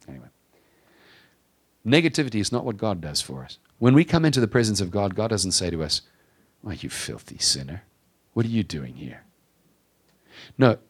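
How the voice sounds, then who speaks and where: Man preaching a casual, animated sermon. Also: husky. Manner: conversational, self-deprecating, with acted quotes; rises in pitch and volume for emphasis, slows on key phrases. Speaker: pastor.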